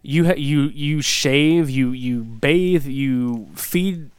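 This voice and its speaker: A man's voice: medium pitch, drawn-out words, smooth, dry recording. A young man co-hosting a casual gaming podcast, laid-back and profane, laughing often. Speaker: podcast co-host.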